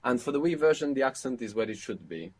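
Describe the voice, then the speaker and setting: Husky man patiently teaching a language. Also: medium pitch, sing-song, fast talker, darkish tone. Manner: patient, explanatory, prompting the learner. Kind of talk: spoken language lesson.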